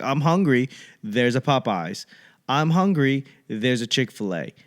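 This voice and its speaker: A young man from the Boston area riffs through a loose comic monologue as host of his own podcast. He talks casually and profanely, wanders off on tangents, and drops into quick voices for other people. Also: medium pitch, smooth. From Boston area, USA. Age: young adult. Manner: rambling, profane, animated impressions of others.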